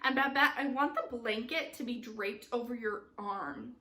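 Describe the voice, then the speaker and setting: A woman with a high, bright voice leads an online youth theater class. She talks her students through the blocking in an upbeat, instructive way and keeps checking that they follow. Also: normal speed. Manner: upbeat, instructive, frequent "okay?" check-ins. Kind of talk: online class giving stage directions.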